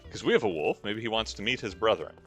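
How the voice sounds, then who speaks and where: Host, lively low voice, dry humor, faint game music behind. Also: male voice, fast talker. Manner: wry, rambling, history asides. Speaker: let's-play host. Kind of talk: casual gameplay commentary.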